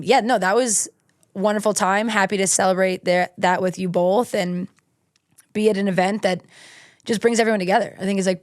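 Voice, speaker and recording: A woman's voice: medium pitch, no echo. Laughing woman in her thirties, dry sound. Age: 30s. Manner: self-deprecating, laughs easily. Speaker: guest snowboarder. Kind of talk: casual interview chat.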